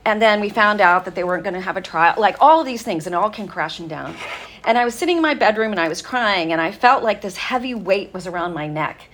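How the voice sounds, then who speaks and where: A woman's voice: medium pitch, lively intonation, fast talker, a bit bright. Earnest woman preaching a sermon. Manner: earnest storytelling, conversational with fillers. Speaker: women's ministry speaker. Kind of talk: sermon-style talk.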